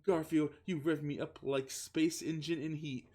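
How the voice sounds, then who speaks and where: A man's voice: fairly high pitch, steady tone, measured pace, dark tone, voice pushed up. A man reading a swooning woman ship engineer. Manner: stilted, broken-grammar swooning.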